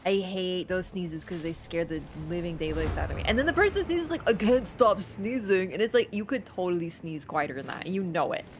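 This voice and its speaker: A woman's voice: fairly low pitch, a little hiss or hum. Chatty woman streaming a game. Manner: chatty, rambling, lots of fillers and laughs. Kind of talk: casual live-stream chat while gaming.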